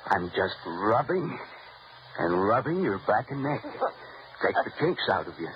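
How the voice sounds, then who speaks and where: An actor playing a young male gardener who turns out to be a killer, in a soft, teasing, menacing manner, in an old radio drama. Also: on the low side, very animated, a little slow. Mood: menacing calm. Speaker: gardener George. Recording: lo-fi old radio recording with hiss.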